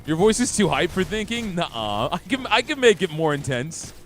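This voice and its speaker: A man's voice: on the high side, sing-song, moderate pace, a bit bright, slight background noise. Chatty young male game streamer. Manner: upbeat, chatty, talks to chat. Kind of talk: live gameplay commentary.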